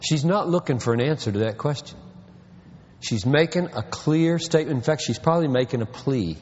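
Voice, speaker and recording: A man preaching a sermon, pressing rhetorical questions and swinging from quiet remarks to loud emphasis. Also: mid-range voice, expressive, brisk. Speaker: pastor. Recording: dull lo-fi recording in a reverberant hall.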